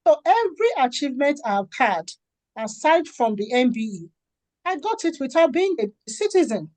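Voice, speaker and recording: A middle-aged woman from Nigeria, a charity founder and author, talking in an interview and acting out the dialogue in her stories with lively energy. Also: high-pitched, moderate pace, no echo. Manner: animated storytelling, acts out quoted dialogue. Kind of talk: conversational interview.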